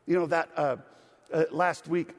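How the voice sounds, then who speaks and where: A man's voice: fairly high pitch, steady tone, measured pace. A middle-aged male pastor with a slightly raised voice delivers a sermon, chatting through personal stories with plenty of "uh"s and false starts. His words ring out with the long reverb of a large church hall. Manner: conversational storytelling with frequent fillers and restarts.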